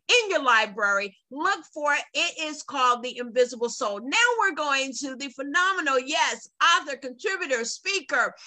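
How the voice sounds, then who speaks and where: Bright, emphatic woman hosting a book talk. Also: high-pitched, low-quality recording. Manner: emphatic, affirming. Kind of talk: live online book talk.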